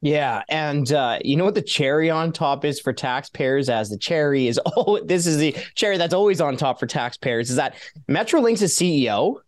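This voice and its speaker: A man's voice: on the high side, lively intonation, moderate pace. A man hosting a conversational podcast in a casual way, laughing often and jumping in with questions. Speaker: host.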